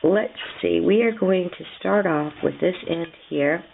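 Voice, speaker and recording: A woman walks through a crochet lesson at an easy, patient pace, chatting as she counts her stitches aloud. Her voice is heavily gravelly and fried, worn hoarse by a cold. The sound is thin and tinny, like it came over a phone. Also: on the low side, unhurried, slight background noise. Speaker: crochet teacher. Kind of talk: step-by-step craft tutorial.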